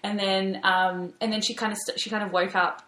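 A woman's voice: mid-range voice, little pitch movement, fairly quick, pushed and bright. A young woman with an Australian accent, co-hosting a podcast and telling a story in a chatty way full of "like". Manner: chatty storytelling, heavy use of "like". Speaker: podcast co-host. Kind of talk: casual chat. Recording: roomy echo.

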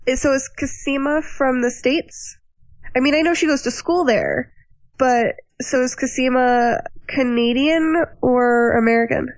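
A woman's voice: high-pitched, measured pace, dry recording, rough recording. Chatty woman hosting, dry sound. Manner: chatty, animated storytelling. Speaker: podcast host. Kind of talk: casual discussion of a TV show.

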